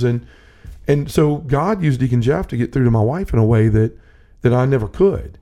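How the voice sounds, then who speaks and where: A man's voice: mid-range voice, expressive, normal speed, mellow. A man telling a personal faith story in casual conversation, earnest and rambling with many restarts. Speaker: podcast host. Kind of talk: personal testimony in casual talk.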